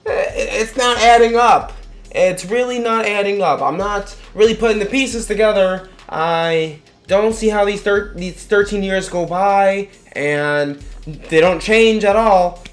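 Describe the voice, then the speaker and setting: A young man rambling through a casual film review, profane and animated, with bursts of excitement. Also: high voice, a little slow, soft background music. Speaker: movie reviewer.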